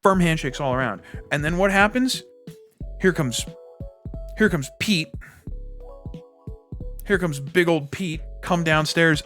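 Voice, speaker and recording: Casting: ranting male gaming YouTuber, somewhat high voice, faint music underneath. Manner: ranting, animated, with quick mock dialogue. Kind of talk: casual gaming commentary.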